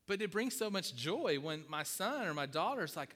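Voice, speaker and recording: A man's voice: sits high, big pitch swings, normal speed, few pauses, a bit bright, in a large hall. A middle-aged man preaching a sermon, emphatic, repeating key phrases and asking his congregation questions. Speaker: pastor.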